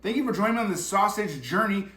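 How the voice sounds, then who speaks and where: An upbeat man walks through a home cooking demonstration, his voice pitched a little high for a man. He sounds eager and chatty as he tastes and explains each step. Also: expressive, fast talker, bright, forceful tone. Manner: enthusiastic, talks while tasting and cooking. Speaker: cooking show host.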